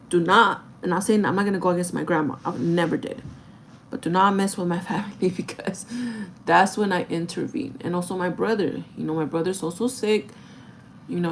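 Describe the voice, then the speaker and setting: A woman's voice: fairly low pitch, poor audio. Young woman, vlogger, casual storytime, rambling, filler-heavy, phone mic at home, faint background noise. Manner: rambling, filler-heavy, talks to viewers as "guys".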